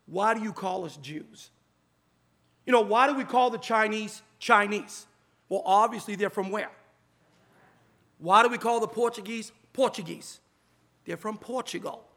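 A man's voice: high voice, sharp tone. A man preaching a sermon from a church pulpit into a microphone, drawing out words for emphasis and quoting scripture. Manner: emphatic, drawn-out preaching delivery with scripture quotes. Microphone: pulpit mic.

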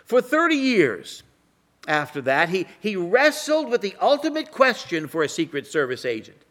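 A man preaching a sermon and telling illustrative stories, in a slow, dramatic delivery that drops to a hush for emphasis. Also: high-pitched, wildly swooping pitch.

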